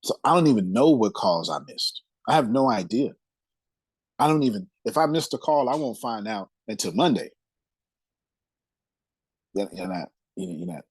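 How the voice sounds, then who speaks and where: Animated man with a husky voice. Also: fairly low pitch, normal speed, long pauses, no room sound, rough recording. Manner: animated, emphatic, repeats phrases, laughs often. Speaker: host and coach. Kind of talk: lively group talk.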